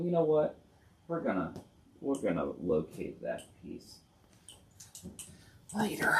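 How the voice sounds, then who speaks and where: A middle-aged man talks through a hobby tutorial in a room at home. His voice sits low and carries a gravelly rasp. He rambles in a chatty, easygoing way and keeps correcting himself mid-thought. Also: pushed and bright, slight background noise. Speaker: host of a board gaming channel.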